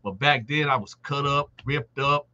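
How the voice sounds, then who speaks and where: With a medium-pitched voice at a moderate pace, a livestream host casually relates a story from his time locked up. The recording is muffled, and he animatedly performs other inmates' quoted lines.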